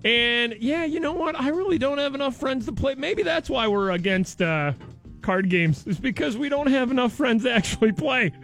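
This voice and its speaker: High-voiced man rambling on morning radio. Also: animated, moderate pace, gravelly, fairly bright tone, faint music behind. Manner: loose, rambling, jokey. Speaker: radio morning show host. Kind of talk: casual radio banter.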